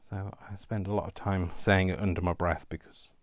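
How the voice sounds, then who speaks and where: A man vlogging while he does crafts, talking to himself by name in a giggly, rambling way. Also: sits low. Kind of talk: casual talk while crafting.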